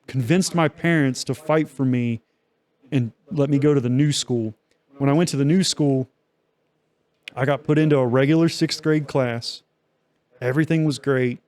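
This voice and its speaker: A man's voice: medium pitch, darkish tone. Young man, podcast co-host, casual storytelling, profane, rambling, lots of fillers.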